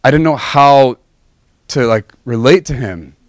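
A man preaching a personal testimony, telling his story earnestly and emotionally with big swings in pitch. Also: a little slow, no room sound, clean studio sound.

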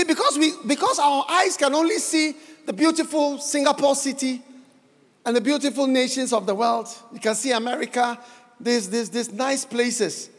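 A man from Ghana preaching a sermon in a church hall, building to shouted, sing-song emphasis. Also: extremely high pitch.

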